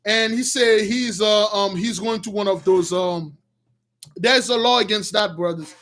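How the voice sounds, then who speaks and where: High-pitched man retelling a story excitedly. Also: unhurried. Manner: excited storytelling, shouting bursts and frequent restarts. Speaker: religious storyteller. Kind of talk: animated retelling of a scripture story.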